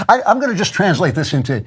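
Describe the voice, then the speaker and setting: A man's voice: sits high, sing-song, a little fast, a little hiss or hum. A man in his seventies hosting a reaction commentary, talking in a wry way and chuckling often. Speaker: host.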